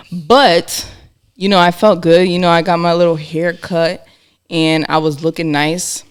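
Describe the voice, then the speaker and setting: A woman co-hosting a podcast in casual chat, candid and animated, laughing often. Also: low-pitched, clear, resonant tone. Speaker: podcast co-host.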